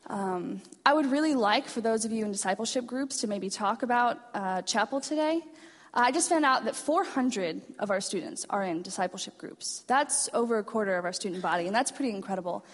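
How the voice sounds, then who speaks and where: A woman's voice: mid-range voice, a little fast. A woman giving a chapel message to students, earnest and self-deprecating, retelling stories in a hall. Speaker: chapel speaker. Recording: reverberant hall.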